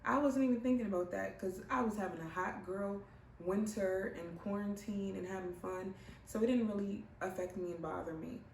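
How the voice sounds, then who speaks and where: A young pregnant woman telling her own story in a casual, animated way, putting on other people's voices as she goes. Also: mid-range voice, moderate pace, a little hiss or hum. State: heavily pregnant. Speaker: vlogger. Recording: roomy, mic at a distance, faint ambience.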